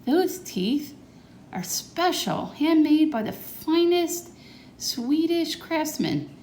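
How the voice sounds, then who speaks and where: A woman voicing a distraught old grandfather in a picture-book read-aloud, shrill and dramatic. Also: sing-song, slow, darkish tone, a little hiss or hum, full character voice. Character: upset old grandfather who lost his teeth. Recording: echoey room.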